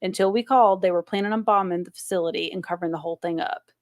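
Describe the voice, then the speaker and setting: A woman's voice: lowish voice, fairly even intonation, rapid-fire, no echo, clean studio sound, natural voice. A woman reading a male military general's briefing lines in her own plain voice, as a podcast script read-through.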